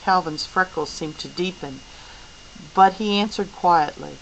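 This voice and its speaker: A woman reads a novel aloud in a clear, unhurried way. Her voice is low-pitched and very slow, with a faint hiss in the recording. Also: lo-fi sound. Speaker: audiobook reader.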